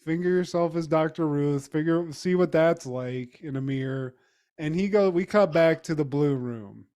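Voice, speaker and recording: Male podcast co-host, casual chat, animated and laughing, profane storyteller. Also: on the high side, moderate pace, smooth. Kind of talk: casual chat recapping a TV episode.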